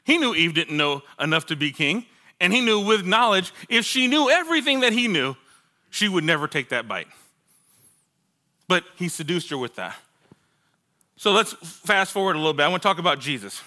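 A male pastor with a very bright, ringing, slightly high voice delivers a sermon built around his personal testimony. He acts out what he once said and laughs at himself as he goes, staying very animated at a normal speed.

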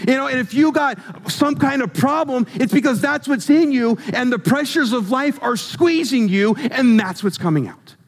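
A man's voice: very high-pitched, animated, normal speed, hardly any pauses, slightly rough. A man preaching a sermon, conversational and humorous, asking his congregation questions as he goes.

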